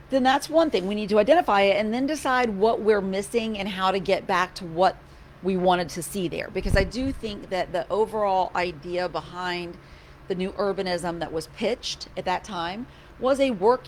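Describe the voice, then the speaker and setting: A woman with a medium-pitched voice, a county commissioner, makes casual conversation at her office hours. She's chatty and animated, restarting sentences often and letting some wry sarcasm show, while a faint hum of noise lingers under her voice.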